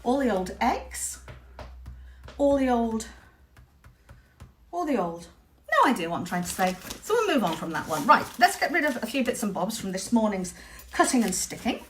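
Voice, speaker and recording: A woman's voice: fairly high pitch, big pitch swings, normal speed, pauses often, slight background noise. A middle-aged woman leading a live-streamed craft workshop from her home studio, chatting, rambling and joking at her own expense. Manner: chatty, self-mocking, rambling jokes. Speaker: textile art teacher.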